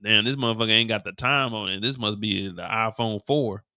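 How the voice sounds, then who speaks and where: A man hosting a live after-show, recapping an episode in a profane, animated storytelling way. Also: fairly low pitch, fairly quick, dry recording, clean studio sound. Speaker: show host.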